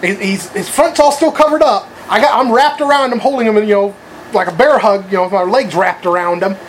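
A man's voice: sits high, a little fast, a little hiss or hum, rough recording. Profane rambling man telling a story. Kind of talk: casual crude anecdote.

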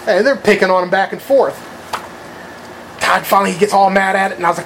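A man's voice: sits high, fairly even intonation, quick pace, fairly bright tone, a little hiss or hum, poor audio. Profane rambling man telling a story. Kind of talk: casual crude anecdote.

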